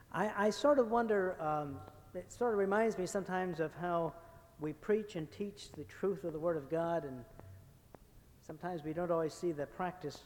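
A man's voice: fairly high pitch, a little mellow, a little hiss or hum. A man preaching a sermon as a guest speaker, folksy and anecdotal, joking with the congregation before moving into Scripture. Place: church sanctuary. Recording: long church reverb.

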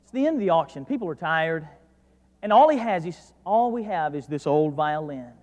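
A man with a North Georgia accent preaching a sermon as pastor, dropping to quiet asides and then rising to loud, emphatic declarations. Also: on the high side, lively intonation, normal speed. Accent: North Georgia Southern US. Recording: preached in a reverberant hall.

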